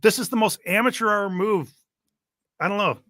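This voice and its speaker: A man hosting a casual reaction chat, talking in an animated, sarcastic way and laughing often. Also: high-pitched, moderate pace, no room sound. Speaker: host.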